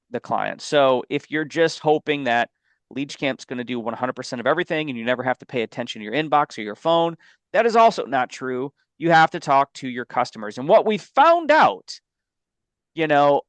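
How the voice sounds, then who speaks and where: Brief: male co-host, insurance agent, emphatic and chatty, smooth clear voice, dry close sound. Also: on the high side, no room sound. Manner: emphatic and conversational, tells stories with asides. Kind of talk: casual business podcast talk.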